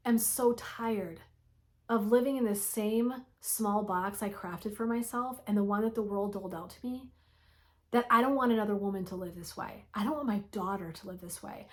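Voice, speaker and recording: A woman in her forties giving a fiery, blunt motivational pep talk in her vlog, swearing freely. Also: medium pitch. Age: 40s. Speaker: wellness vlogger.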